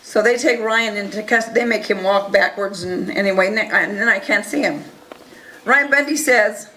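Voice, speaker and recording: Bright-voiced woman telling a story. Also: mid-range voice, normal speed, poor audio. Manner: earnest, animated retelling with quoted dialogue. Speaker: speaker recounting events to an audience. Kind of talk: first-person storytelling talk.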